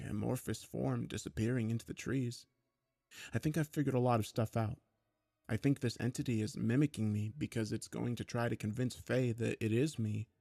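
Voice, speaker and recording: A man narrating a first-person horror story in a steady, low-key way. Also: vocal fry, no echo, studio quality.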